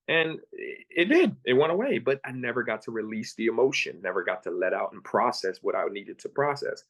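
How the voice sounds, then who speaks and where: A man in his thirties from Pennsylvania, telling his own story as a guest with earnest, halting, repeated phrases. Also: medium pitch, sing-song. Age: 30s. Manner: earnest, repeats words, acts out his own thoughts in quotes. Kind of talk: candid personal storytelling.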